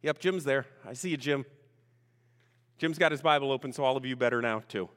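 A man's voice: medium pitch, brisk, fairly bright tone. A man preaching a sermon as pastor, chatty and full of questions to the congregation, greeting online viewers by name. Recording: long reverb of a large room.

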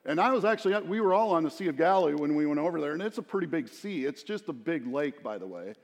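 A middle-aged man giving a sermon, talking with his listeners, breaking into asides and retelling the scene as a story. His voice sits a little high for a man. The sound trails off in a long hall reverb. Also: lively intonation, fast talker. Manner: conversational, storytelling preacher with asides to the congregation. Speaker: pastor.

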